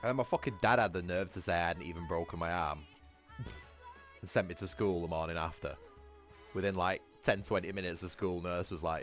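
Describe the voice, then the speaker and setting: A man's voice: sits low, brisk, soft background music. A man, chatting casually with his livestream viewers, rambling, swearing freely and laughing often. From Britain. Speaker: gaming livestreamer.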